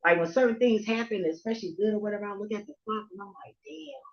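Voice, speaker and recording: A woman vlogger tells a rambling story straight to her viewers. Her voice sits in a middle pitch and keeps breaking into laughter and curses. She swings from quiet asides to loud outbursts, and the recording sounds dull and lo-fi. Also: racing. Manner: animated, profane, laughs a lot, loudness swings from murmurs to near shouts. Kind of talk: casual storytelling rant to camera.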